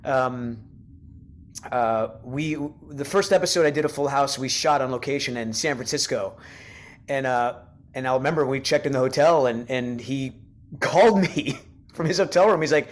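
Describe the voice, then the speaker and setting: A man's voice: medium pitch, normal speed. Reflective man recalling old times. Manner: reflective and soft-spoken, with stammered restarts. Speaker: actor guest. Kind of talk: casual chat.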